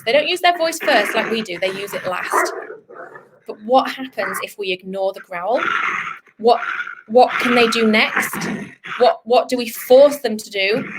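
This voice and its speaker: A woman vet giving an online lesson to children, lively and encouraging, sometimes voicing what a dog is thinking. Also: mid-range voice, background noise. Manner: lively, speaks to children, voices the dog's thoughts. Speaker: veterinarian teaching children.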